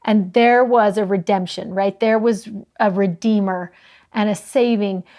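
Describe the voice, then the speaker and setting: A woman co-hosting a scripture study discussion, telling stories earnestly and slowing down to stress key words. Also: medium pitch, steady tone. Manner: earnest, warm storytelling with slowed emphasis. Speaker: co-host of a scripture study show.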